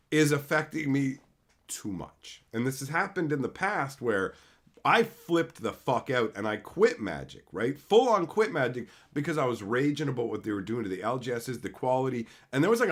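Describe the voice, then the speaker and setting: A young man hosting a livestream vents with profane, heated energy. His fairly high voice swoops widely, jumping from near-shouted outbursts down to low, tired mutters. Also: slightly rough. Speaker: channel host. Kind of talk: livestream rant.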